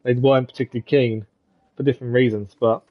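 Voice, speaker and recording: A man chats through a live gaming stream, friendly and rambling as he reads out viewers' messages. His voice sits in a middle pitch, recorded close and dry with no room echo. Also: fairly even intonation, fast, narrow, tinny audio. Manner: chatty, friendly, reads chat aloud, says "to be fair" often. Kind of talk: casual gameplay commentary, chatting with viewers.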